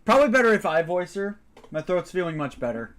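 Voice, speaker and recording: A woman's voice: fairly low pitch, very animated, brisk. A woman with a Southern US accent, blunt and teasing in casual stream chat. Her voice moves up and down a lot as she talks. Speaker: co-player friend.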